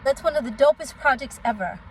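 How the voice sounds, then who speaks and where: A rough recording with a little hiss or hum captures a middle-aged woman's high voice moving briskly. She's a singer and vlogger from Oakland, California, delivering direct, indignant commentary to viewers she calls "y'all."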